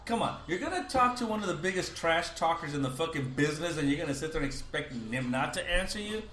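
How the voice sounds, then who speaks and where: Animated joking man in chat. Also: a little high, fast, echoey room. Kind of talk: casual chat.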